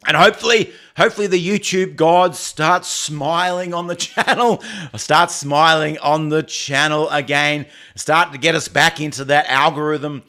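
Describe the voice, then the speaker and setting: Halting Australian man hosting a livestream. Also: on the high side, bright, forceful tone. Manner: halting, often restarts and repeats phrases. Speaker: livestream host. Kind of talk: casual livestream chat, reading viewer comments.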